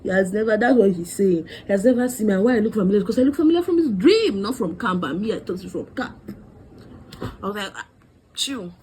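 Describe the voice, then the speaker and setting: A woman's voice: medium pitch, fast, a little hiss or hum, poor audio. A young woman tells a storytime vlog, acting out what everyone said. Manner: animated, dramatic quoting of others. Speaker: vlogger.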